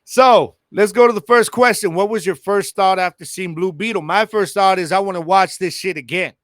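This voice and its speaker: A man hosting a casual solo podcast with a Chicano English accent, talking to his listeners in a lively, slangy way. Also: high voice, normal speed, no echo, studio quality. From El Paso, Texas. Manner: animated, slangy, addresses listeners directly. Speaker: podcast host.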